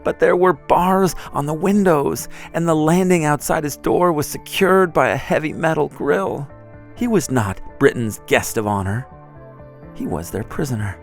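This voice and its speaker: A man narrating a podcast story from a script, calm and storytelling. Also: fairly high pitch, measured pace, soft background music.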